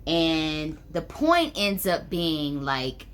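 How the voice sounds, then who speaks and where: A young woman tells a personal story to camera in a chatty, casual way, packed with fillers like "like" and "um." Her voice sits low, swings widely in pitch, and moves extremely slowly.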